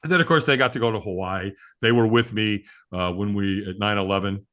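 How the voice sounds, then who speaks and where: A man's voice: fairly low pitch, brisk. A middle-aged man, the interview guest, telling stories in a casual chat, acting out quotes and laughing often. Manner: animated storyteller, acts out quotes, laughs often. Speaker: guest, firewalk instructor.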